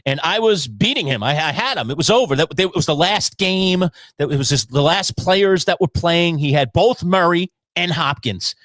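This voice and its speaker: Man, animated storyteller, slightly high voice, dry close mic, casual sports chat. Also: moderate pace, hardly any pauses, dry recording. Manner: animated storyteller who acts out his own shouting. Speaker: podcast co-host. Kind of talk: casual fantasy football chat.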